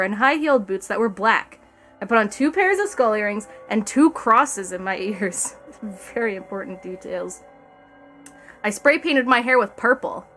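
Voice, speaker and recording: A woman's voice: high-pitched, fairly bright tone. A woman streamer reading a fan story aloud on stream, breaking off for sarcastic, profane asides to her chat. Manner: sarcastic, profane asides between read passages.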